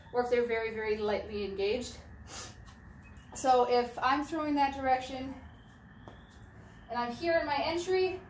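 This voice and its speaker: A woman's voice: sits high, a little hiss or hum. A young adult woman coaching shot put technique in a casual, demonstrating way, often restarting and repeating phrases as she moves. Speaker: track and field throwing coach. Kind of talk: casual instructional talk while demonstrating. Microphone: camera mic at a distance. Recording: distant camera mic with echo and faint ambience.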